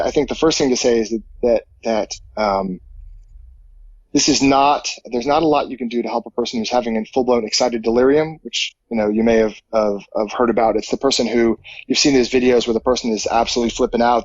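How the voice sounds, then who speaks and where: Husky-voiced man explaining with many restarts. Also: mid-range voice, dry recording, lo-fi sound. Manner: thoughtful, many fillers and restarts. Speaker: psychology professor and firefighter guest. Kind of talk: casual podcast interview answers.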